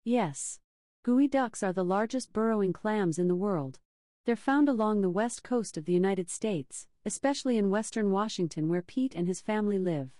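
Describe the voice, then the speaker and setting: Woman doing a teasing home-assistant voice, dry delivery, warm low-key tone, close dry mic. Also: lively intonation, normal speed, no echo, natural voice. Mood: deadpan. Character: sassy female smart-speaker assistant. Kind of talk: comedy sketch.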